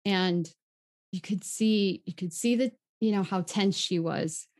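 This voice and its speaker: A woman who leads retreats, a guest telling a story in an earnest, gentle way. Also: mid-range voice, unhurried. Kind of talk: conversational storytelling.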